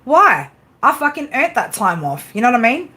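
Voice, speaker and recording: A woman's voice: fairly high pitch, very animated, moderate pace, sharp tone. A woman hosting a casual livestream pep talk, blunt and swearing constantly, with frequent tag questions. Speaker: tarot reader and livestream host.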